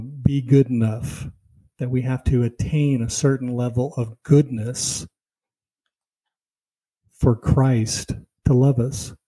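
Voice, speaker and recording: On a rough recording, a man's dark, mid-range voice comes through slightly rough. His Bible lesson is conversational, built on personal anecdotes, with "see" and "you know" used to drive each point home.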